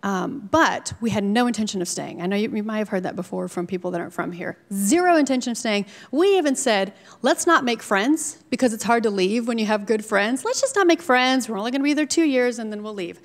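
A woman in her forties from Minnesota, a TV news anchor telling her personal story to a live audience, lively with asides. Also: medium pitch, quick pace, hardly any pauses. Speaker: TV news anchor speaking at a startup event. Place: event venue. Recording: live talk with long hall reverb.

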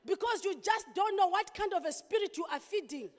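A woman pastor delivering an impassioned sermon, with sudden loud outbursts. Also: very high-pitched, animated, brisk. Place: church hall. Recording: long hall reverb.

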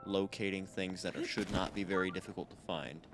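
A low-voiced man narrating his own gameplay in a loose, rambling way, poking fun at himself as he goes. Game music plays clearly underneath his talk. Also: fairly even intonation, a little fast. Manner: rambling, self-deprecating, talks to viewers. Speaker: let's play host. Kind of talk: casual gameplay commentary.

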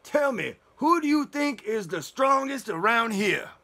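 Vain well-fed wolf, voiced by a man; sly, smooth, bright tone. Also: very high voice, very animated, a little slow, pitched above the performer's own voice, full character voice. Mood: smug. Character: smug vain male wolf, full from dinner.

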